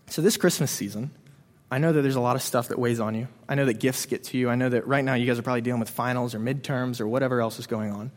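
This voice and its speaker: Fast-talking man preaching in a hall. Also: mid-range voice, steady tone. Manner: conversational, retells the story with frequent "um" and "you know". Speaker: preacher to students. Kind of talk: casual sermon storytelling. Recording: reverberant hall.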